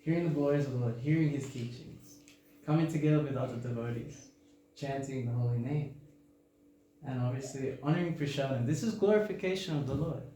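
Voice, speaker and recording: A chatty Australian man gives a relaxed scripture talk, breaking into laughter and throwing questions at his listeners. His voice sits at an ordinary middle pitch. It rings through a very echoey hall over a faint hum. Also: brisk. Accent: Australian, softened toward American. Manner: chatty, joking, laughs often, asks the audience questions. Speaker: temple speaker giving a scripture class. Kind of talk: informal sermon with jokes.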